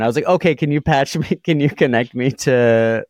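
A man's voice: medium pitch, brisk, hardly any pauses, no echo. A man co-hosting a podcast, telling a phone-call story with dry humor and reading the show credits. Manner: wry, dramatic storyteller acting out phone calls. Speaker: podcast co-host. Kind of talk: casual chat and show outro.

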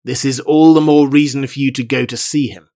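A man's voice: mid-range voice, steady tone, brisk, warm tone, lightly acted. A man reading aloud voices a homesick, impatient harpooner who talks bluntly and fretfully. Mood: insistent.

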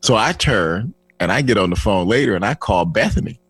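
A man's voice: lowish voice, brisk, breathy edge, no room sound. A man in his sixties from Flint, Michigan, telling his life story as a guest and acting out the dialogue with lots of restarts. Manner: animated, acts out dialogue with restarts. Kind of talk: personal testimony storytelling.

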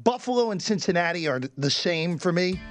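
Male co-host, measured, slightly high voice, dry sound, faint music. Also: lively intonation, no room sound. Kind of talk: sports betting show.

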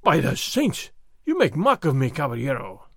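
A man voicing a loud, bullying soldier sergeant who blusters and threatens, in an audiobook reading. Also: medium pitch, huge pitch swings, moderate pace, breathy edge, no room sound, clean studio sound, voice pushed down, full character voice. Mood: blustering.

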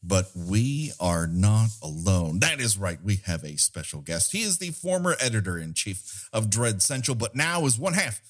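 A man hosting a podcast in casual chat, with a playful, showman-like delivery into a boom-arm microphone. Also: big pitch swings, moderate pace, fairly bright tone. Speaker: podcast host.

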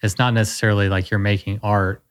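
A man's voice: fairly low pitch, flat delivery, fast talker, clean tone. A man interviewing a bike maker, casually summing up his guest's points and asking follow-up questions. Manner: encouraging, sums up the guest's points.

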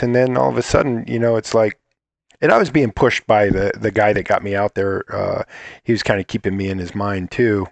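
A man's voice: lowish voice, fairly even intonation, fairly quick, vocal fry, no room sound. A man telling a rambling, profane story in a casual chat, acting out what others said. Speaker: guest.

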